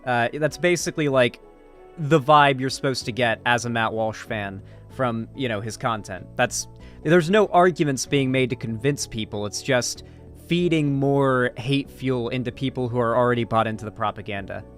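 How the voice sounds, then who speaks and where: A man's voice: mid-range voice, normal speed, faint music behind. A man doing livestream reaction commentary, talking casually, profanely and rambling to his chat. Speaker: streamer and political commentator.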